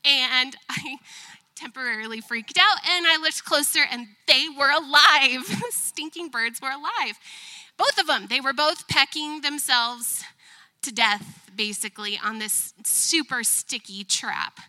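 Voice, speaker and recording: High-pitched woman in her 30s telling a funny story at church, laughs at herself a lot. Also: a little slow. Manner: animated, self-mocking, laughs often. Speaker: church member giving a testimony. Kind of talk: live church testimony storytelling. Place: church service.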